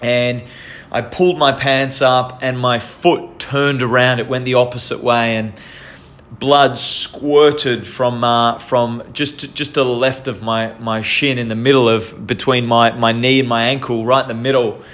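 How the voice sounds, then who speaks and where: A man's voice: medium pitch, steady tone, a little slow, fairly bright tone. A young Australian man tells a personal story in a casual, earnest way, often restarting and repeating himself.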